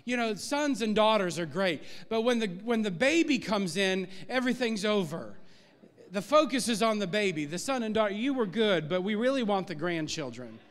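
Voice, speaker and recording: Male pastor, high voice, animated sermon delivery, long hall reverb. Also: moderate pace. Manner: animated preaching, swelling louder on key points. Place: church sanctuary.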